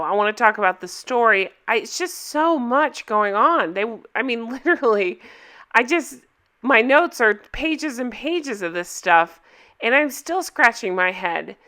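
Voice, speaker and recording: Woman vlogger, TV reviews, casual to-camera chat; bright and crisp, expressive, laughs easily. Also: medium pitch. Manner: chatty and expressive, laughs often.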